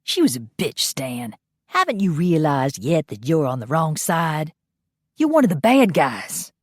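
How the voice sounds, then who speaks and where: Woman voicing a low, softly taunting vampire duelist, cocky. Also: wildly swooping pitch, unhurried, dry recording, clean studio sound, exaggerated voice. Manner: soft-spoken, taunting.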